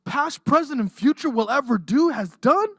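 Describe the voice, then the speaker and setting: Impassioned preacher with a lively voice. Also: sits high, moderate pace, no echo, studio quality. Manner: impassioned, swings from raised intensity to hushed softness. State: emotional. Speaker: pastor. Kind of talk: livestreamed sermon. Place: church.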